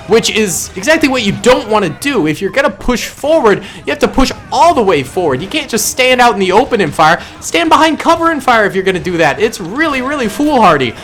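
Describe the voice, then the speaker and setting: Chatty man with a higher voice. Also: a bit bright. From suburban Massachusetts. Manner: chatty, thinking aloud with self-corrections and quick reactions. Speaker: gaming channel host. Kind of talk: casual gameplay commentary.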